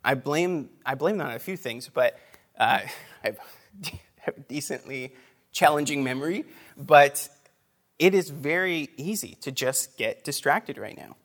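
A man's voice: a little high, lively intonation, measured pace, fairly bright tone. A man giving a casual, conversational sermon to a group, with frequent asides, fillers and little laughs between phrases. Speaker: preacher.

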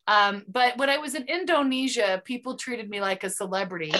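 An American woman hosting a podcast, telling stories in a lively, animated way in casual conversation. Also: on the high side, brisk. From United States. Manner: animated storyteller, does voices in anecdotes. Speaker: podcast host.

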